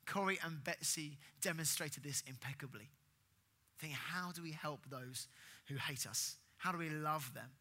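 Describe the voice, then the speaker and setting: A male preacher with a strikingly bright, forward voice that sits slightly high for a man. He talks earnestly and with emphasis, swelling up for key points and falling soft again. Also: unhurried. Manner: earnest, emphatic, rising for stress then dropping soft. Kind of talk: sermon.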